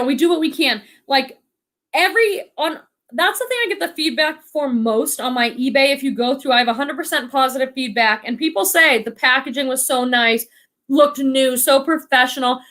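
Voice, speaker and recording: A Boston-area woman with a subtle local accent and a voice that sits high and a bit bright hosts a laid-back livestream. She chats in an upbeat way and reads viewer comments aloud.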